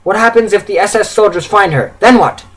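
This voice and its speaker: A man voicing a stern, worried farmer's wife who snaps sharp questions. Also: sits high, brisk, slight background noise, pitched above the performer's own voice.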